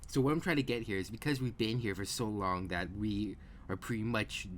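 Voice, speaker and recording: A man's voice: lowish voice, brisk, a little hiss or hum. A man hosting a podcast in casual chat, rambling with fillers and restarts. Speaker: podcast host.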